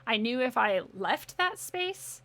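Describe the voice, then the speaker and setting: Bright-voiced woman telling a story candidly. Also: a little high, slow pace. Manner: candid and animated, swears freely, laughs often. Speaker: podcast guest. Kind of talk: casual storytelling.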